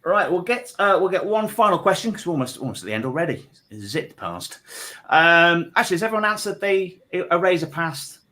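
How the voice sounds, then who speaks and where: A man's voice: sits high, sing-song, fairly quick, bright, forceful tone. A man hosting a comedy panel show, chatty, reading out viewer comments and adding wry asides. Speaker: host. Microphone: online live stream.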